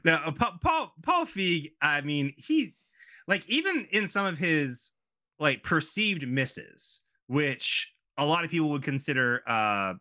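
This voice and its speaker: A man's voice: fairly high pitch, very animated, slow, pushed and bright. A man in his thirties co-hosting a casual podcast, rambling through asides with lots of fillers. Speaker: podcast co-host. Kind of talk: casual chat.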